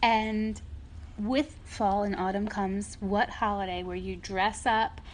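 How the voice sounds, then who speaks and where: A woman hosting a children's story podcast, reading a rhyming picture book aloud to a child at home and pausing to point out the pictures. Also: medium pitch, a little hiss or hum. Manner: animated, stops to explain the pictures. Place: home playroom.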